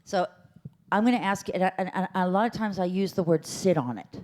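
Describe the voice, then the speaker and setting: A woman teaching voice speaks briskly in a fairly low, darkish tone as she leads a workshop in a symposium lecture room. She keeps it chatty and playful, meowing and humming to show the sounds.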